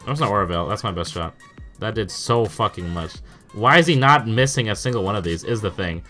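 A young man talks over his own gameplay in a bright, forward voice, swearing freely and tripping over his words whenever the match turns against him. Faint game music runs behind him. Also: on the low side, animated, brisk. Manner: swears often, stammers in bursts, exclaims in disbelief. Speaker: gaming YouTuber. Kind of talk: casual live commentary over gameplay.

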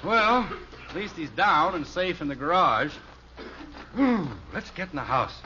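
A good-humored 1950s radio dad. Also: male voice, a little high, lively intonation, unhurried. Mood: easygoing. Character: cheerful patient suburban father, grown man. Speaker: father in a radio sitcom. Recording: dull old radio recording with loud hiss.

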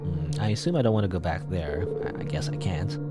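A man narrating his gameplay in a rambling, chatty way, thinking out loud and chuckling as he goes. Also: low-pitched, fairly quick. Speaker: let's play gamer. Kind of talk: casual gameplay commentary. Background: game music.

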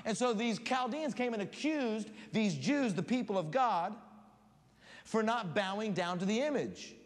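A man preaching as a guest pastor in a church, reading scripture aloud and telling animated stories. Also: high voice, measured pace. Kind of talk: sermon. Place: church sanctuary. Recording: long hall reverb, faint room noise.

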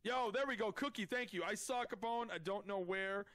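High-voiced excitable man gaming. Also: moderate pace, no room sound. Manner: excitable, loud outbursts, repeats himself. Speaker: streamer playing a social deduction game.

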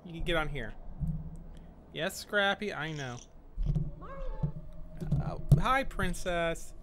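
A man's voice: a little high, animated, takes it slowly, heavy background noise. A man narrating a horror game playthrough, joking and self-mocking as he talks to the characters on screen. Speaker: game host playing a horror game. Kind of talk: let's play commentary.

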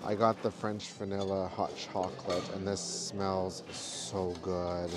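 A man in a casual travel vlog, chatting in a relaxed way while reviewing food and giving park tips. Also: low-pitched, slow, noisy background. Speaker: travel vlogger. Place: theme park restaurant, then hotel.

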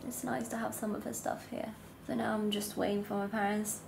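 A woman's voice: medium pitch, level tone, brisk, gravelly, very noisy. A young woman chatting casually in a self-filmed vlog at home, often dropping to a near whisper. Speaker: vlogger. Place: her home. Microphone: camera held by herself.

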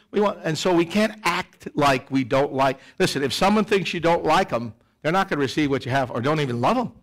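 A middle-aged man preaching a sermon in church, animated, swinging between loud emphasis and quiet asides. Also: on the high side, a little fast, hardly any pauses. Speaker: pastor. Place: church sanctuary.

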